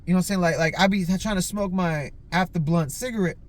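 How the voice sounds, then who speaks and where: A man with a slightly higher voice telling casual stories as a podcast host. He rambles, swears constantly and stuffs his sentences with "like". When he quotes himself, his voice jumps up in pitch. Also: fast talker. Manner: rambling and heavily profane, lots of filler "like". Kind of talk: casual storytelling.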